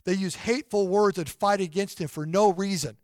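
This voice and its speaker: A middle-aged man preaching a sermon in an earnest voice, often dropping to a soft, hushed tone for personal stories. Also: high-pitched, a little fast, dry recording, studio quality. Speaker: pastor.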